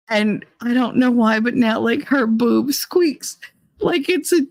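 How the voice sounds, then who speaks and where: A woman hosting a casual live chat, reading viewer comments aloud and laughing often as she tells animated stories. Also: fairly high pitch, unhurried, gravelly, no room sound. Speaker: host.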